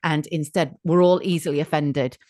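A woman's voice: low-pitched, fairly even intonation, normal speed, mellow. A woman, a podcast host speaking bluntly and candidly in casual conversation, swearing now and then.

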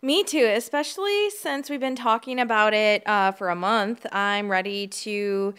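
A woman co-hosting a podcast in loose, chatty talk, with a smooth and clear voice. She runs on in quick asides with lively energy. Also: mid-range voice. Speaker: podcast co-host, real estate agent. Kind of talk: casual chat.

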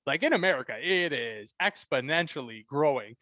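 A man co-hosts a sports talk show in a fairly high, very lively voice. He reacts loudly and animatedly, with a dry, close sound. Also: moderate pace, no room sound. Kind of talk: casual sports chat.

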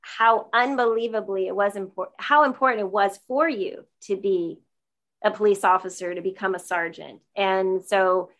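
A woman's voice: medium pitch, moderate pace, fairly bright tone. Woman podcast host, talks in loose rambly bits, lots of likes and ums. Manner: rambling, many fillers and restarts. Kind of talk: casual interview.

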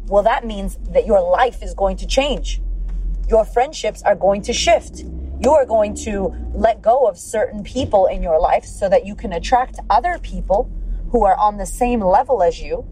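A woman's voice: medium pitch, moderate pace, warm tone, a little hiss or hum, poor audio. A woman hosting a podcast, giving a blunt, profane, fired-up motivational pep talk. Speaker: podcast host and life coach.

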